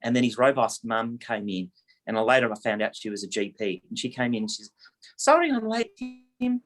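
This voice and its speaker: A man, a real estate agent telling a story and coaching in a casual, animated way. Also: lowish voice, quick pace, soft background music. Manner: animated anecdote teller, lively, acts out quotes.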